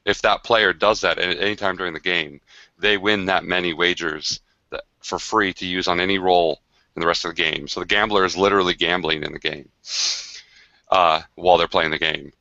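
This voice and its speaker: A game designer on a livestream, a man with a deep voice and a bright, forceful edge, tells a long, animated anecdote about a game session. He rambles with many fillers and restarts, and the audio is dry and a little dull, like a video call, with no room sound.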